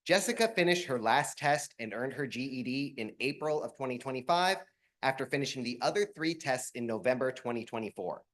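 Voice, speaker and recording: A man's voice: mid-range voice, expressive, a little fast, a bit bright. A man introducing graduates at a ceremony, with light joking asides between the formal parts. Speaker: program staff presenting graduates.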